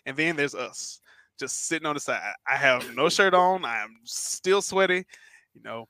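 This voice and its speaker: A man's voice: fairly high pitch, normal speed, dry recording. A man co-hosting a podcast, telling a story in casual chat and acting out the voices of the people in it. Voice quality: animated storyteller, acts out quoted voices. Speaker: podcast co-host.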